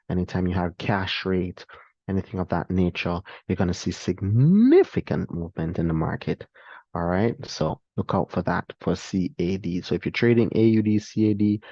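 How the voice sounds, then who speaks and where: A man explaining a trading strategy to viewers in a relaxed, talkative way, addressing them directly. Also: deep voice, no room sound, dull audio. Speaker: trading instructor. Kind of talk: screen-share trading lesson.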